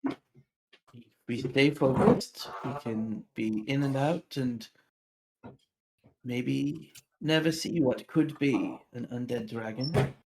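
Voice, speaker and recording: A man's voice: medium pitch, takes it slowly, gravelly, noisy background. A man playing a tabletop game who jokes and thinks aloud while planning, speaking over an online call. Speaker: player. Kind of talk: casual tabletop game talk.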